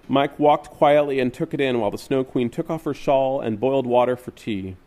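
A man reading literary fiction aloud in a measured, wistful way. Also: medium pitch, mellow. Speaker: reader.

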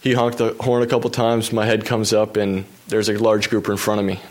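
A man with a low voice recounts a crash-filled day of racing as a professional cyclist. He tells it in a relaxed, self-deprecating storytelling manner and drops in fillers. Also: a little fast. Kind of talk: storytelling a personal anecdote.

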